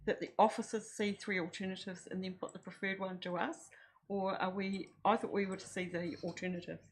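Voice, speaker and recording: A woman's voice: medium pitch, fairly even intonation, fairly quick. A woman councillor asking a question at a meeting, polite and tentative.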